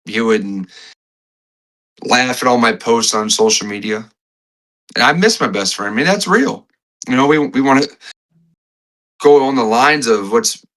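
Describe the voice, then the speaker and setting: A man talking as a podcast guest, telling a personal story in a halting way, repeating phrases and restarting often, a little choked up. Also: mid-range voice, sharp tone, low-quality recording. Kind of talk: emotional conversational storytelling.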